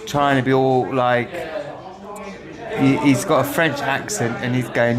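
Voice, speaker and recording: A man's voice: mid-range voice, level tone, moderate pace, over music. A man co-hosting a casual football chat, telling stories in a rambling, stop-start way with many restarts. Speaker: podcast co-host.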